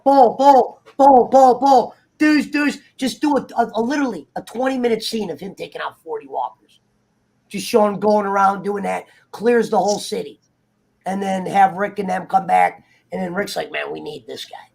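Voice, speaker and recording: A man in casual, heated chat, swearing freely and acting out characters in quick asides. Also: high-pitched, creaky. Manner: profane, animated, acts out characters in quick asides. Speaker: guest on a TV review talk show.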